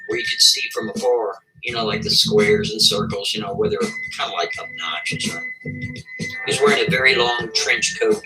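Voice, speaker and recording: A man telling a long anecdote in a loose, conversational way, his pitch leaping up and down all the time. His voice is bright and sharp, and he keeps pulling the listener in with asides. Soft music plays faintly underneath. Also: poor audio. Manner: animated, keeps asking the listener "right?". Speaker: storyteller. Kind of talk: casual spoken storytelling.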